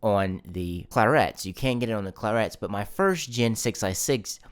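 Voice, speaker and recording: A man casually reviewing his own audio gear to camera, explaining things in a relaxed, conversational way. He talks into a studio microphone in his home studio. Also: on the low side, moderate pace. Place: home studio with a guitar amp. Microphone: studio microphone through an audio interface.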